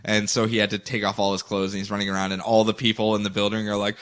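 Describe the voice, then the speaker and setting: A man hosting a podcast, recapping comic books with animated, jokey storytelling. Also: fairly low pitch, fast. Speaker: podcast host.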